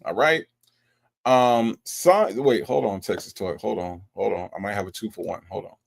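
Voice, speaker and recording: A man hosting a live stream, chatting casually and teasing his chat with an animated delivery. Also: lowish voice, normal speed, gravelly. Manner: animated, teasing, mocks chat with exaggerated voices. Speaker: livestream host.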